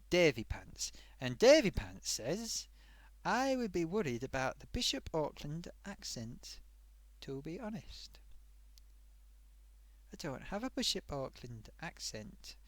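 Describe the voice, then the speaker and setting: A man's voice: mid-range voice, big pitch swings, slow, dry recording. A man hosting a casual live stream, reading out forum comments with a chatty, self-amused manner.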